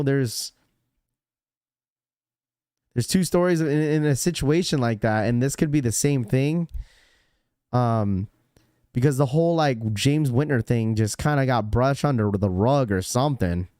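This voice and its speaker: A man's voice: mid-range voice, darkish tone, smooth, dry recording, clean studio sound. A young man hosting a casual livestream, reading out chat messages and rambling with lots of fillers and repeats. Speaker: livestream host.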